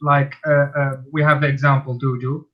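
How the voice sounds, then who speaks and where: A man's voice: mid-range voice, level tone, fairly quick, lo-fi sound. A man hosting a casual live stream chat, telling stories bluntly with many restarts. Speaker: host.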